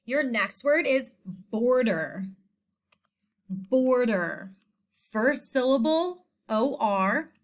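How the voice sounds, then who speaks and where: Slow, deliberate woman teaching spelling. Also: a little high, expressive. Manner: slow, deliberate, repeats each word. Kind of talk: spelling lesson. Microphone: screen recording voice-over.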